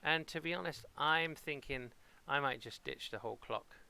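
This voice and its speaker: A man's voice: a little high, moderate pace, gravelly, sharp tone, clear, resonant tone. A man from Portsmouth with a local English accent, rambling playfully and mocking himself as he streams a game at home. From Portsmouth, England. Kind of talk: casual live-stream commentary.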